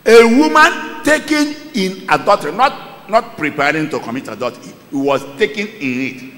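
Male pastor, animated sermon, wildly swinging pitch, slow deliberate delivery, bright voice, echoey church hall. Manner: preaching with call-and-response to a Bible reader; dramatic, swings from loud exclamations to low asides.

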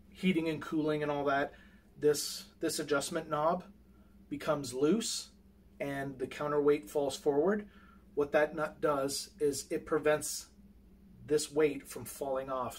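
A man with a somewhat high voice walks through his equipment in an unscripted demo, hesitant and rambling with plenty of restarts. He is handling the gear as he talks. The camera mic sits some way off, with a faint hiss behind him. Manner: handling equipment while explaining. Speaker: amateur astronomer showing his gear. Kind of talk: unscripted how-to demonstration. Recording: distant mic with faint background noise.

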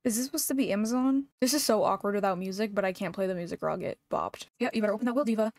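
A young adult woman, a gaming YouTuber, delivers casual, playful, sassy commentary full of jokes while trying a farming game for the first time. Her medium-pitched voice is a little mellow, and she talks at a racing pace.

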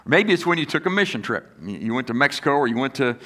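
This pastor's mid-range voice is very animated, pushed and bright as he preaches at a quick pace. He speaks to the congregation conversationally, questions them, and mimics critics in quoted lines.

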